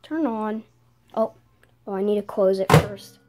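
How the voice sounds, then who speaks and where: A woman's voice: medium pitch, unhurried, heavy background noise. A young woman making a casual home vlog, breaking into exasperated outbursts of disbelief. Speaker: vlogger.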